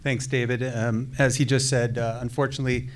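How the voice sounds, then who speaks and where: A man with a mid-range voice speaks at a podium in an auditorium, reading another person's acceptance remarks. He is informal and hesitant, pausing on "um" and "uh" before settling into the prepared text. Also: mid-range voice, flat delivery, noisy background. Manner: hesitant and chatty, with many fillers. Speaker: faculty colleague reading remarks on another's behalf. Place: auditorium at a commencement ceremony.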